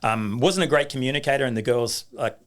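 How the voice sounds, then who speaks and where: Middle-aged Australian man, guest storyteller, anecdotal, mid-pitched. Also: fairly quick. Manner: anecdotal, acts out quoted voices, many restarts. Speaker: guest, rugby league coach. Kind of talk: storytelling in a casual interview.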